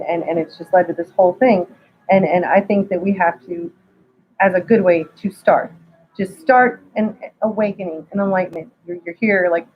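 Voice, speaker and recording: A woman's voice: mid-range voice, a little hiss or hum. A woman guest in a casual spiritual talk, rambling with many stammered restarts. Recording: dull lo-fi sound.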